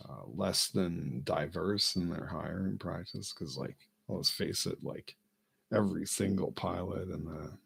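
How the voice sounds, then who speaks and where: Gravelly, slow-talking man rambling. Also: low voice. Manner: halting, self-amused, lots of fillers and restarts. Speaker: vlogger. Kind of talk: rambling comic monologue.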